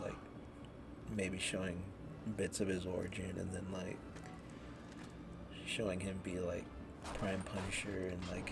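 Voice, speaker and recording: A man's voice: on the low side, vocal fry. A man casually reviewing shows on a podcast, rambling with heavy swearing and lots of fillers. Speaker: podcast host. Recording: noisy background.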